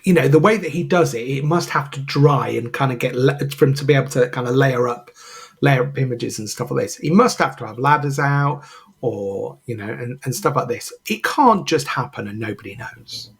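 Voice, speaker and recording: A man's voice: medium pitch, lively intonation, normal speed, gravelly, husky. A man co-hosting a podcast, chatting casually and rambling with lots of fillers and restarts. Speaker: podcast co-host. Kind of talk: casual chat.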